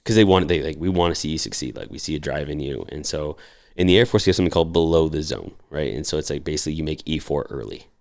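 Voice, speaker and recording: A young man in his twenties tells casual, profane stories, animatedly acting out the voices of the people in them. His voice is very deep, creaky and darkish, and he talks fast.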